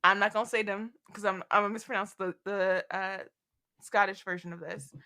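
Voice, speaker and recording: A woman co-hosting a casual podcast about a fantasy novel, animated and laughing as she reads quotes with dramatic flair. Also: medium pitch, brisk. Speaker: podcast co-host. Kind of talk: casual book discussion.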